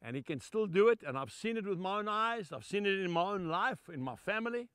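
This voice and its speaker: Older male preacher, very high bright voice, dry close sound, emphatic storytelling sermon. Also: animated, a little fast, clear, resonant tone, no room sound. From Zimbabwe. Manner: emphatic, heartfelt storytelling with warm asides.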